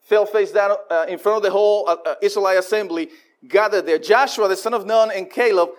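A man preaching a sermon, animated and repeating himself as he acts out voices of the people. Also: high-pitched, brisk. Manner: frequent repetitions and restarts.

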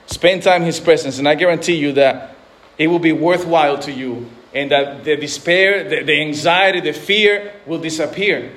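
High-voiced earnest male preacher. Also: moderate pace, fairly bright tone. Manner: earnest, repeats words and restarts, acts out voices in quotes. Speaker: pastor. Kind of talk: sermon.

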